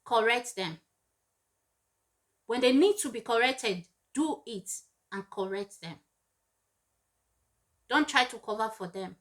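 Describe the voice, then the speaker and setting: A woman's voice: on the high side, animated, takes it slowly, pauses often, a bit bright. A woman giving parenting advice straight to camera, earnest and emphatic, repeating her points for weight. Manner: acts out scolding parents in raised voices. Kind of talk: direct-to-camera advice talk.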